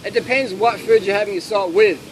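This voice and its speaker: A man giving blunt, animated answers and stories to an audience in a casual Q&A at an outdoor gathering. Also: high-pitched, a little fast. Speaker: speaker answering audience questions. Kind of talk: casual Q&A talk with anecdotes. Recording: noisy outdoor ambience with traffic.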